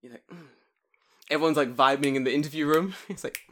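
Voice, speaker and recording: A man's voice: fairly high pitch, fast, fairly bright tone, a little hiss or hum. A young man hosting a casual chat, joking and swearing often with frequent laughter. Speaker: podcast host.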